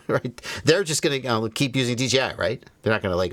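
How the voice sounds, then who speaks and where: A man's voice: medium pitch, lively intonation, quick pace, few pauses, dry recording. A man hosting a livestream, reading phrases aloud and commenting wryly as he thinks them through. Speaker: livestream host.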